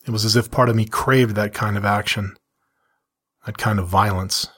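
A middle-aged man, his voice fairly low and slightly rough, steadily reads his personal first-person story and afterward talks openly with the audience.

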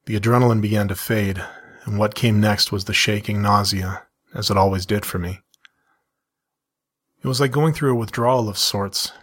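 Husky low-voiced man reading his story. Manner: measured, steady reading with a candid aside. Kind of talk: first-person story reading.

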